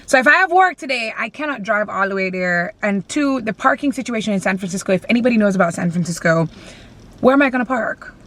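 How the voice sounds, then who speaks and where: A woman's voice: medium pitch, expressive, quick pace, a bit bright, no echo. A young woman vlogging from her car, venting bluntly and animatedly with plenty of swearing. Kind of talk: casual venting vlog.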